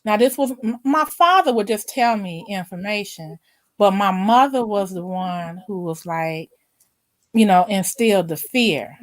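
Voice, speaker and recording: A woman's voice: medium pitch, a little slow, dry recording. A middle-aged woman hosting a casual chat, telling stories and acting out what people said. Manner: animated storyteller, acts out quotes. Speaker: host.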